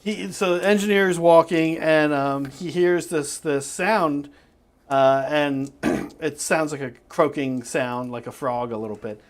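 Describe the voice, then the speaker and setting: A man's voice: on the high side, measured pace. A man co-hosting a casual livestream, rambling, repeating himself and telling jokes. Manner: rambling, restarts, joke-telling. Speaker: co-host.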